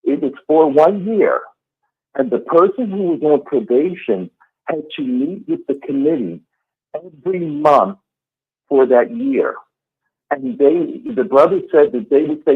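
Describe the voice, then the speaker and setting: A man calls in as a guest and explains things earnestly. His voice is husky and comes through a tinny phone-line call. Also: fairly high pitch, very animated, a little slow. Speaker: quiz contestant and guest. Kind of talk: casual storytelling.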